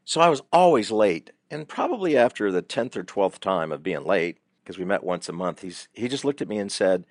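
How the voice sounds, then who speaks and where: Animated low-voiced man telling stories. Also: a little fast, hardly any pauses, no echo, studio quality. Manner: animated storytelling, frequent repeated fillers. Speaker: guest counselor. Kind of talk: conversational podcast advice.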